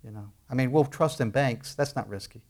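A man's voice: medium pitch, fairly quick, a little mellow. Conversational man preaching a sermon. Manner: conversational, with bursts of emphasis and many restarts. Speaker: pastor.

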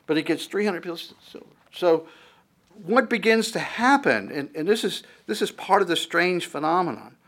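A man with a high, expressive, fairly bright voice delivers a sermon at normal speed. He reads verses aloud, his voice climbing on the quotations, then talks them through conversationally and searchingly, sometimes restarting.

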